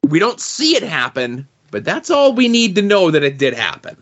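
A man's voice: high-pitched, sing-song, normal speed, fairly bright tone, dull audio. Man breaking down comic story details. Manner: explains story details step by step. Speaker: podcast co-host. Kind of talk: casual comic book discussion.

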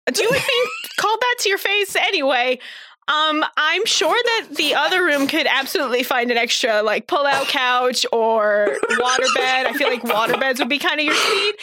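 A man's voice: very high-pitched, lively intonation, normal speed, noisy background, pitched above the performer's own voice. A woman voicing a chipper, folksy man in a made-up fan story, gushing and overly polite. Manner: gee-whiz, overly polite.

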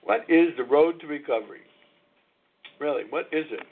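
A man's voice: fairly high pitch, normal speed. Frank middle-aged man on a tinny line. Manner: frank, reflective, confessional. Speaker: host of a live recovery call-in show. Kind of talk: candid personal talk on live radio. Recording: narrow phone-like lo-fi line.

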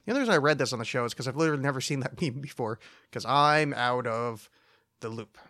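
In a dry, studio-quality recording, a man with a mid-range voice talks fast, sounding pushed and bright. He's the host of a solo podcast, working through listener questions in profane, mock-outraged comedic rants.

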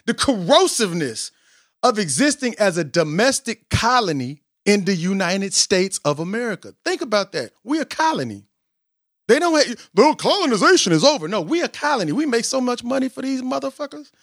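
Animated high-voiced man hosting a podcast. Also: moderate pace, dry recording, studio quality. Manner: animated, self-mocking, preacherly emphasis. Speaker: podcast host. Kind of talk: casual podcast intro with attempts at rapping.

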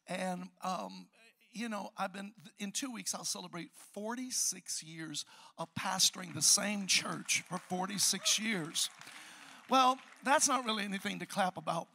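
A pastor, preaching an animated sermon to a congregation and joking with them. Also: male voice, sits high, unhurried, creaky, a little hiss or hum. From Chicago, USA. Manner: animated preaching, jokes with the crowd. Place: church hall before a congregation.

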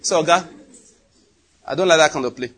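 A man with a Nigerian accent preaching a sermon, emphatic and animated, often acting out what people say. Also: on the high side, a little fast. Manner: animated, emphatic, slips into acted quotes.

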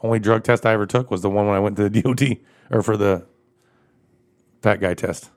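A man telling crude, profane stories in casual chat, laughing often and getting animated as he goes. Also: lowish voice, a little fast.

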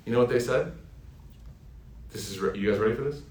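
A man's voice: fairly low pitch, brisk, a little mellow. Heartfelt preacher in his thirties, roomy echo. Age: 30s. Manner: heartfelt storytelling, rising to emphatic peaks. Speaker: Islamic preacher. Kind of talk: sermon.

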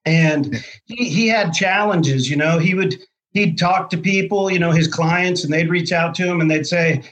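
A man's voice: fairly high pitch, moderate pace, a bit bright, rough recording. A man speaking as a podcast guest in a friendly, chatty way, with lots of fillers. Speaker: podcast guest, energy advisor. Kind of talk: casual interview talk.

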